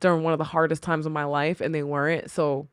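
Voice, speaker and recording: A woman with a deep, clear, resonant voice speaks fast with flat delivery, recorded dry at studio quality. A podcast guest and the co-host's wife, she talks candidly and reflectively about personal struggles in conversational stories, often voicing her own past thoughts.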